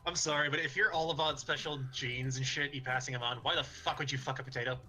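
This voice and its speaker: A man's voice: medium pitch, steady tone, fast talker, sharp tone, soft background music. A man chatting on a livestream, bantering bluntly and crudely. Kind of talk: casual chat on a livestream.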